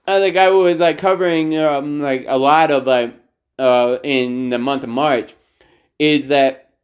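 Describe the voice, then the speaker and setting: A man's voice: a little high, fairly even intonation. A man co-hosting a casual podcast, reading a news story aloud and talking with many fillers and restarts. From United States. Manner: halting, heavy on fillers like "like" and "uh". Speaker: podcast co-host.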